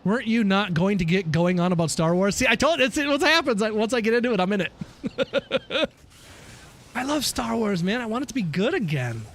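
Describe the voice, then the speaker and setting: A man's voice: high-pitched, animated, a little fast, fairly bright tone. A man streaming a video game, chatting casually with viewers, ranting and swearing freely and laughing at himself. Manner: reads and answers chat while playing. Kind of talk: casual live-stream chat.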